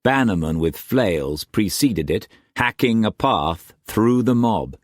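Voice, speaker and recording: Man narrating an audiobook, very deep voice, lively intonation, slow, measured, dramatic. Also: no room sound, studio quality. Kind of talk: scripted novel narration.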